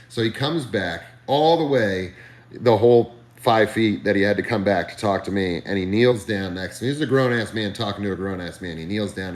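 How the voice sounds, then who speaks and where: A man on a live stream telling a comedic story, animated, ranting and swearing freely. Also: lowish voice, fairly quick, reverberant.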